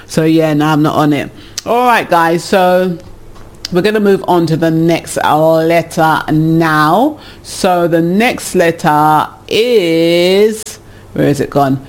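A man's voice: a little high, takes it slowly. A man hosting a casual advice show, reading listener letters and giving frank opinions, laughing often.

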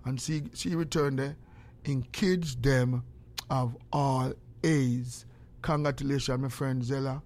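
A man's voice: mid-range voice, slow pace. An older man with a Jamaican accent, telling stories in a casual way, acting out the exchanges he quotes, and breaking into prayer. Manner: animated, acts out quoted exchanges.

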